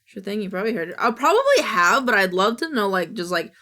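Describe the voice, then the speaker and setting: A young woman with an American accent holds a loose, excitable chat with her viewers. Her voice is bright and forward, and she talks casually, swearing now and then as she answers chat and works on her desktop. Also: mid-range voice, fast. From United States. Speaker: streamer. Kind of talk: casual live-stream chat.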